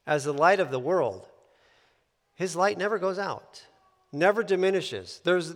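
A man's voice: fairly high pitch, fairly bright tone, big-room sound. A man giving a sermon, explaining scripture in a conversational way with occasional fillers and restarts. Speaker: pastor.

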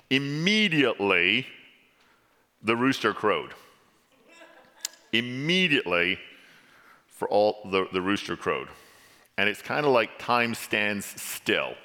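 A man born in England preaching a sermon with dramatic storytelling, rising to pleading and sinking to a somber hush. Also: mid-range voice, lively intonation, a little slow, long pauses. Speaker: pastor. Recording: long hall reverb.

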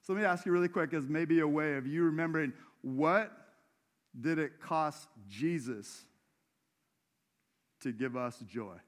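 A man's voice: fairly high pitch, a little slow, long pauses. A man preaching a sermon in a church, in a conversational way, putting questions to the congregation. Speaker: pastor.

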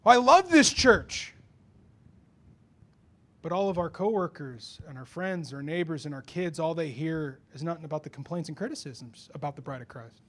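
A man with a fairly high voice preaches to his church. He is animated and builds from quiet reflection to loud, pressing rhetorical questions. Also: fairly quick, few pauses. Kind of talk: sermon. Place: church before a congregation.

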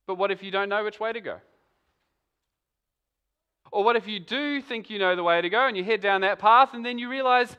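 A male preacher talks through his sermon in a relaxed, conversational way. His voice sits high and sounds bright and forward. He keeps posing questions straight to the congregation. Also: brisk, long pauses, clean tone. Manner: conversational, asks many rhetorical questions.

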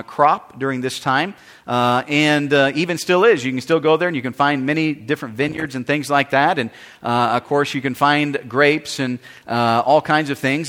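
A man's voice: a little high, fairly bright tone. A man preaching a sermon in a conversational, storytelling way, with many fillers and restarts.

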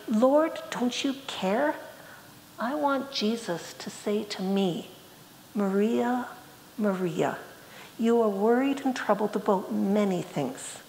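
A woman's voice: medium pitch, slight background noise. A woman preaching a sermon, speaking earnestly and quoting scripture with rising emphasis. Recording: echoey hall, faint ambience.

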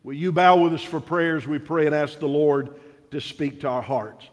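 A man preaching a sermon in a church, slow and measured, with dramatic pauses. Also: fairly high pitch, dull audio. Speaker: pastor. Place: church sanctuary. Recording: reverberant church sanctuary.

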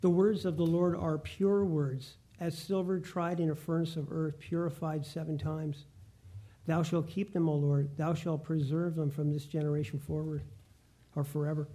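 A man preaching a Bible lesson, reading scripture aloud slowly and deliberately. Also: on the high side, little pitch movement, dark tone. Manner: reads verses slowly and deliberately, with restarts.

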